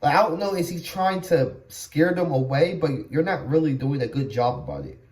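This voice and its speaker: A man's voice: fairly high pitch, animated, normal speed, a little mellow. A man reacting casually to a clip, incredulous and slangy. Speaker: reaction streamer.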